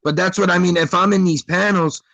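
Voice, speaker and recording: Male guest, earnest slangy talker, a little high-pitched, dry close sound. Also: steady tone, fairly quick, gravelly, a bit bright, no room sound, highs cut off. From American suburbs. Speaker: podcast guest. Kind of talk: casual conversation.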